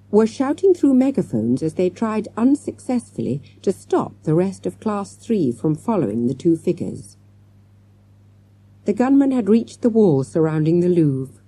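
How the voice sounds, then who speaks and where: Reading a children's storybook aloud, this audiobook narrator has a lowish, slightly rough voice recorded with no room sound. She's lively, acting out each character's lines as she goes.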